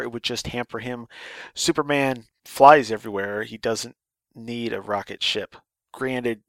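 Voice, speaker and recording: A man hosts his podcast, chatting his way through listener mail with a loose, rambling delivery. His voice has a gravelly, fried texture. The sound is dry and close, with no room around it. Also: medium pitch, fairly bright tone, no room sound. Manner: rambling, chatty, with fillers and restarts. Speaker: podcast host. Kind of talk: casual podcast chat reading listener mail.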